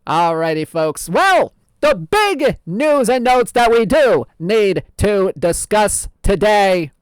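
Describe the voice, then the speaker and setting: A man's voice: sits high, smooth, no echo, exaggerated voice. A man hosting as a show host in a put-on old-timey radio announcer voice, theatrical and drawn out. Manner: theatrical, drawn-out, laughs at himself. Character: 1920s radio host, hammy and folksy.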